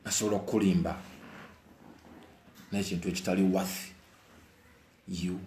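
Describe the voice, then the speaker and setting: A young man with a Ugandan accent speaks in an emphatic monologue, hammering his points with repetition and shifting between murmurs and loud bursts. His voice sits low and is recorded in a roomy space with a noticeable echo. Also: flat delivery, moderate pace, slight background noise. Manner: emphatic, repeats phrases over and over; mixes heated outbursts with low murmurs. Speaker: musician. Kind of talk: emotional monologue to camera.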